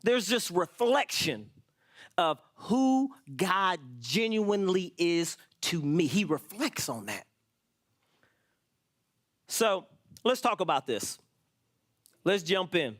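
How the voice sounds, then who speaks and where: A man's voice: a little high, fairly bright tone. A man preaching a sermon in church as pastor, explaining scripture and acting out people's worried prayers.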